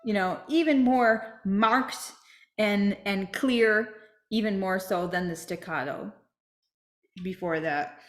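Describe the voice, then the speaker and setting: A woman's voice: medium pitch, slow pace, reverberant. A woman teaching a flute masterclass, explaining step by step and checking in with "right?".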